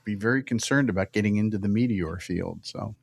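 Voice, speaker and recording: A man's voice: on the low side, brisk, gravelly, dry recording. A man co-hosting a podcast, chatting in a laid-back, musing way. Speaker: podcast co-host. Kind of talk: casual chat.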